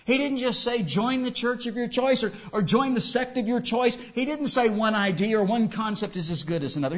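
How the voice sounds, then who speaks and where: Animated high-voiced preacher, dull recording. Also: male voice. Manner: animated, acts out quoted voices. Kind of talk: sermon.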